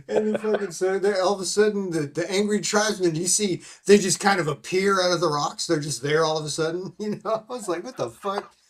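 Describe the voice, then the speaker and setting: Rambling, profane man with a higher voice. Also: brisk, a little hiss or hum. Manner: rambling and profane, full of fillers. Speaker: podcast host. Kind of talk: casual film-recap chat.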